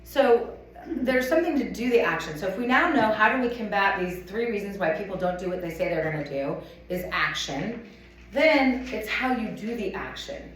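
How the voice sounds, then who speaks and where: A woman giving a chatty, animated sales training talk to a live audience, acting out little scenes as she goes. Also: mid-range voice, moderate pace. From United States. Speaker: motivational speaker at a sales event. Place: conference room with a live audience. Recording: echoey room, from a distance.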